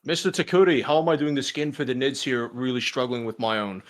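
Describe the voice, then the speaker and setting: A man's voice: mid-range voice, brisk. A man, a guest on a painting stream, chatting casually and rambling a little about what he is doing. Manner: rambling, self-deprecating. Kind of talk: casual chat.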